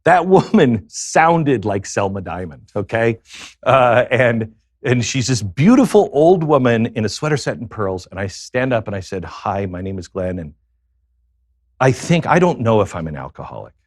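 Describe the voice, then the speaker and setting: A man being interviewed as a guest, telling a confessional personal story in a halting way, with many pauses and fillers. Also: medium pitch, big pitch swings, no room sound, clean studio sound.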